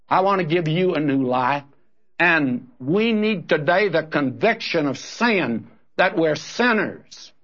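A man's voice: mid-range voice, a bit bright, highs cut off. A man preaching a sermon in an earnest, direct way, calling his listeners friend and brother.

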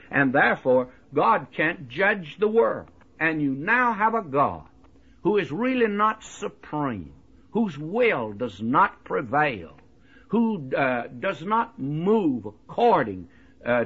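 A man's voice: fairly high pitch, a bit bright, breathy edge, muffled recording. A man teaching the Bible in sermon style, emphatic and folksy, often turning to the listener with "you see" and "my friend.".

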